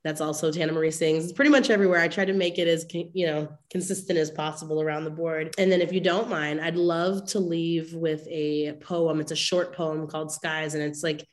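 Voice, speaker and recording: A woman's voice: low-pitched, fairly even intonation, fairly quick, few pauses. A young woman guest artist in a casual chat, bubbly and chatty, laughing easily. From Las Vegas.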